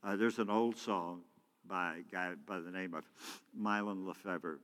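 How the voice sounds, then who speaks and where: A man preaching a sermon as pastor, swinging from loud shouting to hushed prayer. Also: deep voice, steady tone, unhurried. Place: church sanctuary. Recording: church hall with long reverb.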